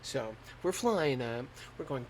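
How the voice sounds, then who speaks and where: A young man hosting a podcast, telling a story in a lively, slangy and profane way. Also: mid-range voice, slow, a little hiss or hum. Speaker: podcast host. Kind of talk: casual storytelling.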